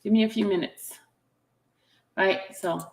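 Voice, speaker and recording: A woman's voice: mid-range voice, steady tone, measured pace. A woman vlogger chatting casually while reading out text messages aloud, adding her own asides between them. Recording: roomy echo.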